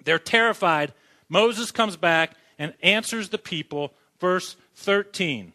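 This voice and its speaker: Preaching slowly in a church sanctuary, a man speaks with a high, sharp-toned voice. His sermon mixes humor with frequent questions aimed at the congregation.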